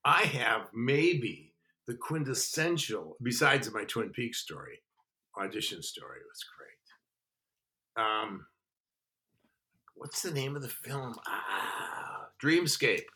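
An older man, a guest actor, telling stories in a casual interview, animated and full of restarts and "you know". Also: medium pitch, slow pace. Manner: animated, restarts and lots of 'you know'.

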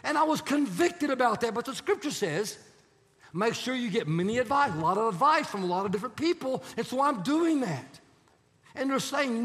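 Man, pastor, sermon, acts out quotes, very high voice, long hall reverb. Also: animated, normal speed, a bit bright. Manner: storytelling with acted-out quotes.

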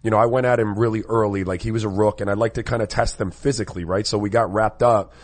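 Brief: male ex-basketball co-host, low voice, relaxed, conversational, steers the show. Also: fast. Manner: conversational, moves the segments along. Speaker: co-host, former basketball player. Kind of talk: casual sports talk.

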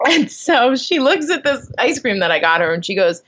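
A young woman telling a story in a casual chat, animated and full of fillers. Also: on the high side, moderate pace. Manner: animated, lots of likes and ums. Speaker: guest. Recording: dull lo-fi sound.

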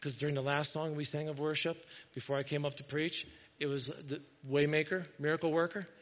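A man preaching a sermon in a church, earnest and repetitive, moving between loud urging and quiet, hushed moments. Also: on the high side, little pitch movement, a little fast. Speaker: pastor. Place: church sanctuary. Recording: dull echoey church hall.

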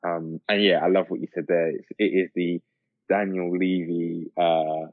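A man's voice: low voice, flat delivery, normal speed, no room sound. A man co-hosting a podcast, chatting casually about football, rambling with lots of fillers and restarts. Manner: rambling, many fillers and restarts, laughs often. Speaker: podcast co-host. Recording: tinny phone-like line.

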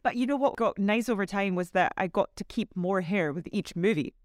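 A woman's voice: mid-range voice, animated, a little fast, dry recording, clean studio sound. A woman actor being interviewed, chatting casually with easy laughs and lots of fillers. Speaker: actor guest.

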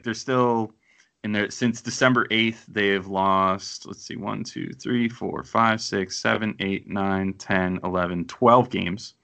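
A man with a fairly low, bright and forceful voice hosts a casual sports podcast. He rambles, thinks out loud and pokes fun at himself. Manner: self-deprecating, rambling, thinks aloud. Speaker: podcast host.

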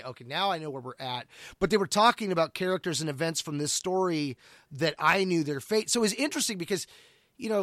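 A man's voice: fairly high pitch, a bit bright, dry recording, studio quality. Rambling middle-aged man chatting casually. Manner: rambling, restarts often. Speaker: podcast co-host. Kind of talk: casual book discussion.

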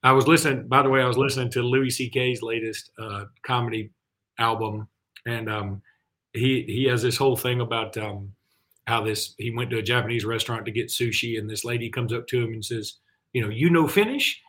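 A man's voice: medium pitch, flat delivery, fairly quick, a bit bright. A man co-hosting a sports talk show in a loose, conversational way. His voice sits in an ordinary middle range, and he talks in a chatty, self-deprecating manner. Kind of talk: casual sports radio chat.

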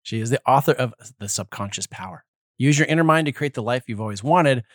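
A man's voice: lively intonation, fast talker, no room sound, clean studio sound. A man co-hosting a casual podcast with his wife, joking around and sometimes slipping into a radio announcer voice. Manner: playful, jokey, slips into a booming radio announcer voice. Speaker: podcast co-host. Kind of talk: casual chat.

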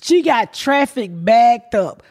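A woman hosting a podcast, telling profane, animated comedic stories and acting out the people in them. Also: fairly high pitch, slow. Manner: profane, animated, acts out voices in quotes. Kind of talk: casual comedic storytelling.

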